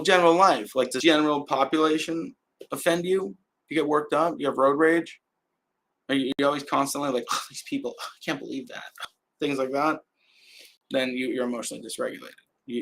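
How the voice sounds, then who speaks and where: Male host, mid-pitched, gravelly edge, casual home livestream, rambling delivery, faint hiss. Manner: relaxed, rambling, conversational, frequent restarts. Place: indoor home setup with adjustable lights. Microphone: camera mic on a live stream.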